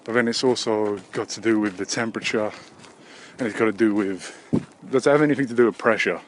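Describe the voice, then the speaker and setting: A man vlogging on his own outdoors with a handheld camera. He rambles crudely and mocks himself, breaking into sudden silly shouted voices. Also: fairly low pitch, fairly quick, a little hiss or hum. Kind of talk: rambling solo vlog.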